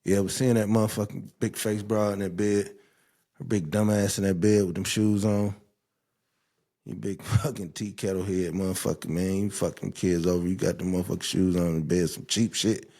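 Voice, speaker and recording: Young male podcast host, dark low voice, loose profane storytelling that swings into mocking rants. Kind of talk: casual chat.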